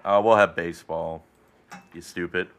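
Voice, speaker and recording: A man's voice: low-pitched, steady tone, moderate pace, fairly bright tone. A man co-hosting a podcast, riffing in a sarcastic, joking manner. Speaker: podcast co-host. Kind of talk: casual chat.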